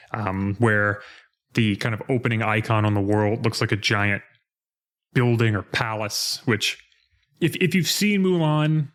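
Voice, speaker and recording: A man co-hosting a podcast, chatting casually about a game he played and acting out quoted lines with laughs. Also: medium pitch. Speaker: podcast co-host. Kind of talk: casual chat recapping a game.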